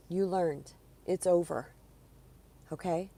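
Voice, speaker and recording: A woman's voice: fairly low pitch, fairly even intonation, slow pace, pauses often, warm tone. A woman speaking as a spiritual coach, giving an earnest, encouraging talk to viewers of a live stream in a conversational way.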